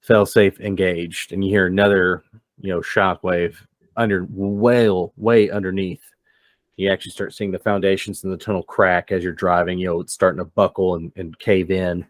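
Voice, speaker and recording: A man as game master, narrating a tabletop role-playing game in a relaxed, descriptive way. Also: low-pitched, normal speed, dry recording. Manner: relaxed, descriptive, loose with fillers.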